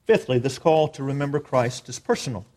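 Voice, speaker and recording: A man preaching a sermon, emphatic, swinging between raised declarations and quiet asides. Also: mid-range voice, brisk. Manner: emphatic preaching, rising and dropping in volume. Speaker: pastor.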